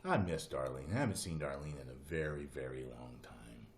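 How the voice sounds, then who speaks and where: Brief: a low-voiced male streamer, loose and conversational, wanders through stories. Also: lively intonation, moderate pace, slight background noise. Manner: rambling anecdotal storytelling. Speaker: host. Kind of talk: casual live-stream chat.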